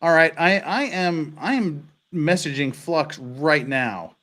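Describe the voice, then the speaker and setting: A man hosts a casual livestream chat from a home setup. His voice sits a little high and swings widely in pitch. He laughs often as he tells stories. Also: takes it slowly. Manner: laughing, animated storyteller. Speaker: livestream host.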